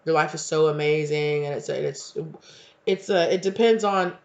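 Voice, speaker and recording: A man chats through a casual tarot reading in a slangy, emphatic way. His voice sits fairly high and has a gravelly edge. The recording sounds dull and lo-fi. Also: moderate pace. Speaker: tarot reader.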